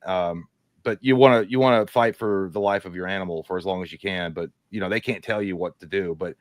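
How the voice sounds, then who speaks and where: A man's voice: deep voice, a little fast, no echo. A man co-hosting a casual livestream, telling crude stories in a profane, stumbling way. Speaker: co-host.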